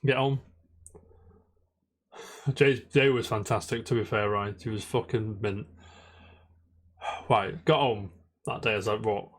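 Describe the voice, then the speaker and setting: A man's voice: on the low side, measured pace, long pauses, slightly rough. A man co-hosting a casual podcast, telling a long rambling story and swearing constantly. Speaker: podcast co-host. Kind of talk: casual chat.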